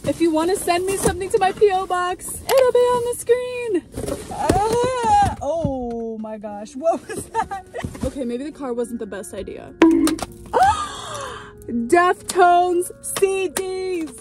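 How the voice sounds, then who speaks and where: A woman's voice: very high-pitched, expressive, measured pace, heavy background noise. A young woman narrating a day-in-my-life vlog, bubbly and chatty with trendy slang and frequent laughs. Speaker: vlogger. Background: music.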